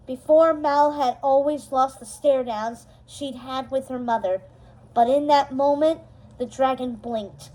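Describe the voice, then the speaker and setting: A woman reading a storybook chapter aloud, steady and expressive, slowing down for dramatic moments. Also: high-pitched, rough recording. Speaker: storybook reader. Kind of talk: storybook read-aloud narration.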